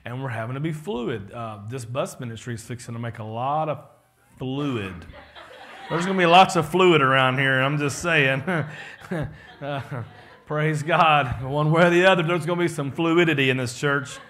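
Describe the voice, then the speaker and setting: A man's voice: mid-range voice, normal speed, fairly bright tone, slight background noise. A man, a pastor giving a casual, joking leadership talk to his congregation and acting out the people he quotes.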